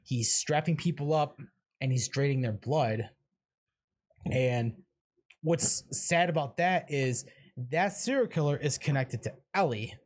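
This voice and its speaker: A man co-hosting a casual horror podcast, excitable, swearing freely and trailing off into fillers. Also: on the high side, a little slow, slightly rough. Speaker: podcast co-host. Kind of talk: casual chat.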